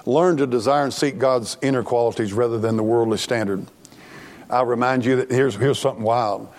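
A man's voice: mid-range voice, steady tone, a little fast, a little mellow. A middle-aged man preaching a sermon as pastor, earnest and plainspoken, often restarting his sentences.

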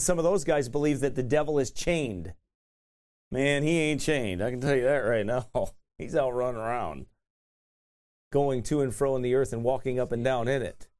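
A man's voice: medium pitch, brisk, darkish tone. A man teaching a sermon in a conversational way, often tossing in "right?" and laughing at himself. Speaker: pastor.

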